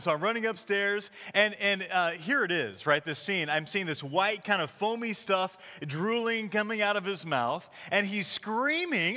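A man in his thirties preaching a casual, conversational sermon as the church's pastor, telling stories with animated quoted voices. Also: high voice, moderate pace, hardly any pauses. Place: church sanctuary. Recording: long hall reverb.

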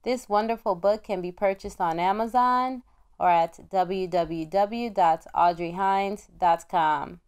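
A woman reads a children's picture book aloud in a gentle, measured way. Her voice is smooth and clear, and she keeps an unhurried pace. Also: medium pitch. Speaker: storybook reader.

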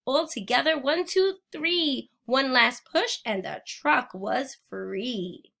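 A woman's voice: high-pitched, expressive, takes it slowly, gravelly, few pauses, bright, forceful tone. A woman teacher reading a picture book aloud to young children and prompting them to join in.

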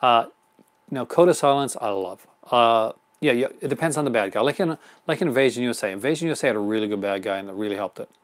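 A man's voice: mid-range voice, animated, fast. A man hosting a live unboxing stream in casual chat, rambling and chuckling often. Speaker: host.

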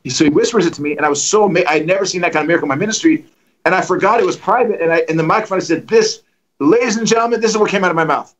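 A middle-aged man preaching, telling testimony stories in an animated way and acting out the dialogue. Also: a little high, racing, low-quality recording. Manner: animated, acts out dialogue with lively voices. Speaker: guest preacher. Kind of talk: storytelling testimony.

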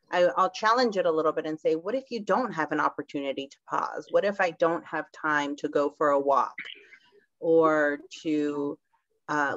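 A woman co-presenting an online workshop, talking conversationally with quick asides. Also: sits low, no room sound. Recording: dull lo-fi, dry sound.

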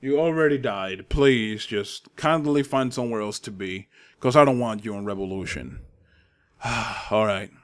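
A man's voice: lowish voice, a little slow. A young man with a Spanish accent giving loose, profane, trash-talking commentary while he plays a fighting game online. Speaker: gaming channel host. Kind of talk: live gameplay commentary.

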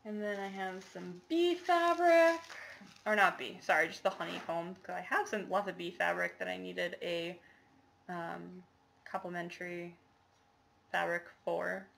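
Chatty woman with a gravelly voice. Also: on the low side, steady tone, measured pace, a bit bright, slight background noise. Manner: rambling, chatty, many fillers and apologies. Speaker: cross-stitch vlogger. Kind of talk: casual show-and-tell chat.

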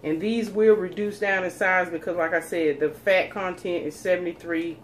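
Folksy woman, lowish voice. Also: fairly even intonation, normal speed, slight background noise. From North Carolina, USA. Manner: chatty, folksy, talks straight to viewers. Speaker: cooking channel host. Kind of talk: casual cooking demonstration. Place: home kitchen.

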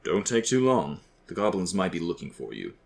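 A man voicing the calm, dry-humored ghost of an older father in a storybook reading. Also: low voice, moderate pace, creaky, heavily acted. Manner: dry, matter-of-fact, soft.

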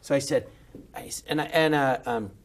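A man from Southern California with a Californian accent, telling a long, rambling anecdote as a podcast guest, full of restarts and quick imitations. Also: mid-range voice, gravelly. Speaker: guest comedian.

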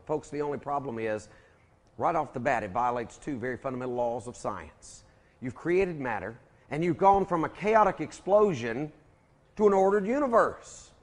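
A man's voice: medium pitch, animated, normal speed. A man giving a preacher-like lecture to an audience, folksy and emphatic, calling his listeners folks.

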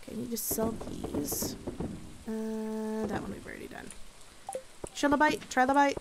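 A young woman casually commentating her gameplay, bubbly and excitable and chatting to her viewers. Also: on the high side, moderate pace, gravelly, background noise. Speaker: gaming video host.

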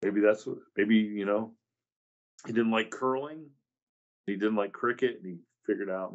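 A man's voice: fairly low pitch, normal speed, dull audio. A man hosting a podcast, musing and rambling in casual chat. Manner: rambling, musing, laughs easily. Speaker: podcast host.

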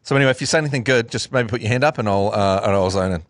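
A man's voice: fairly low pitch, racing, dry recording. A man with a New Zealand accent co-hosting a podcast, chatting with wry, teasing humour. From Dunedin, New Zealand. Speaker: podcast co-host. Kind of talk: casual chat.

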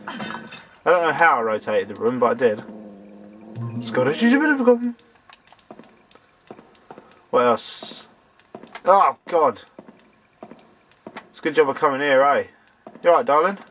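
A man doing let's-play commentary, excitable, swearing at the game and talking to its characters, and a bit hoarse as he loses his voice. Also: medium pitch, normal speed, long pauses, slight background noise. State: losing his voice. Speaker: let's player. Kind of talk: gameplay commentary.

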